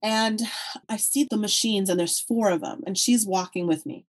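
A middle-aged woman, a podcast guest, telling her own life story in an animated, vivid way. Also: medium pitch, moderate pace. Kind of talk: personal storytelling.

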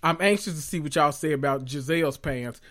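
A man giving a sassy, animated recap of reality TV in casual chat, swearing freely and often jumping into high voices to mimic people. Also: brisk.

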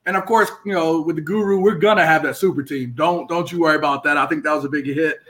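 High-voiced hyped sports show host man. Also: quick pace, fairly bright tone. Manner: hyped, lots of "you know". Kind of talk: casual sports talk.

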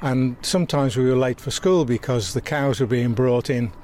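An older man with a southwest Lancashire accent, reminiscing in an interview, halting with many restarts, outdoors by a road. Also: medium pitch, a little mellow, slight background noise. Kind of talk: reminiscing conversation.

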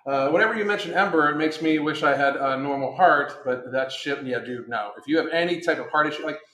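A man's voice: on the high side, fairly quick, sharp tone. A middle-aged man hosting a casual podcast livestream, blunt and profane, rambling as he reads chat comments. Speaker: podcast host reading live chat. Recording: roomy echo.

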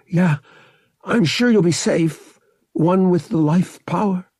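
A man voicing a stubborn, earnest young human man, pitching his voice high and strained. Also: expressive, slow pace, gravelly, mellow, slightly rough, no echo, clean studio sound, exaggerated voice. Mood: soothing.

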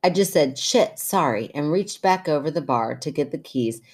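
Low-voiced American woman reading stories. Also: animated, normal speed, darkish tone. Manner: chatty, laughing, reads letters with asides. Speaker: podcast co-host. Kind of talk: casual chat, reading listener stories aloud.

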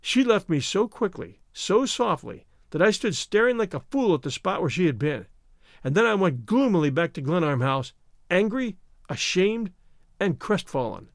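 A man reading a classic novel aloud as a podcast narrator, expressive and voicing the characters' quarrels. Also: high-pitched, moderate pace, no room sound, clean studio sound. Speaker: audiobook narrator.

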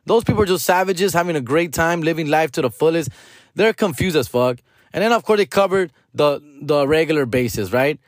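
A man's voice: a little high, animated, brisk, no room sound. Slangy man, dry close sound. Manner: slangy, profane, bilingual Spanish code-switching; drawling, rambling. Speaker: podcast host. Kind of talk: casual monologue.

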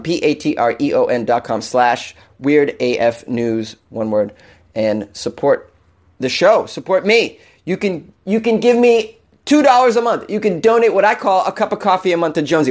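Rambling excitable male podcast host. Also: on the high side. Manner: rambling, excitable, animated shifts. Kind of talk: casual comedic rant.

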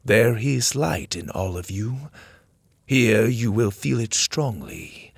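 A man voicing a solemn, wise male servant of light, speaking in a slow and grave way. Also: fairly low pitch, lively intonation, gravelly, husky, dry recording, heavily acted.

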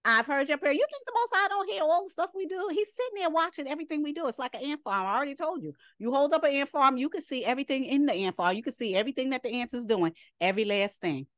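High-voiced woman teaching scripture emphatically. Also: fast talker, hardly any pauses, no room sound, studio quality. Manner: reads verses then comments emphatically, scolding and rhetorical. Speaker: Bible study teacher. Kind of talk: Sabbath scripture lesson.

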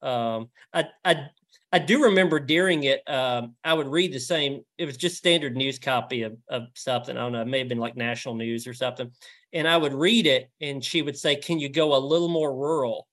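This Southern-accented reporter, a guest in a laid-back interview, speaks briskly with a bright, forceful mid-range voice. He stammers a lot, full of fillers and false starts.

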